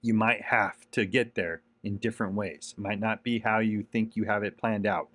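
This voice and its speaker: A man's voice: fairly low pitch, steady tone, normal speed, fairly bright tone, no room sound. Earnest man ranting motivationally, dry sound. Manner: earnest, repetitive, emphatic. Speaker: podcast host. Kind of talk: motivational monologue.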